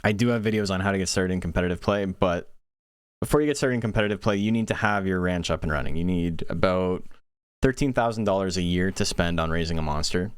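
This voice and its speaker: A man giving casual play-by-play commentary on a monster-raising game tournament, chatting quickly and answering questions from chat. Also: low voice, clean tone, no room sound, studio quality.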